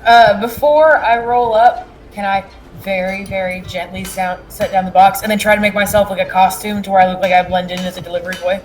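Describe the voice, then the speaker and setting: A woman's voice: mid-range voice, fairly even intonation, brisk, few pauses, rough recording. A woman playing a tabletop role-playing game, talking in a playful, chatty way, with music behind. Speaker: player. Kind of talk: casual tabletop role-play.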